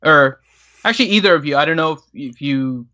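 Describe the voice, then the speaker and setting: A man's voice: a little high, lively intonation, brisk, bright, forceful tone, no room sound, dull audio. A man co-hosting a casual gaming stream, plainly reading out viewer questions.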